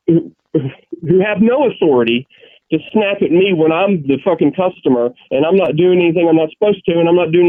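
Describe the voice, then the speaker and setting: A man's voice: fairly high pitch, dry recording. Profane ranting man on a tinny line. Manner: rambling with many restarts. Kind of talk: casual chat. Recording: tinny phone-like sound.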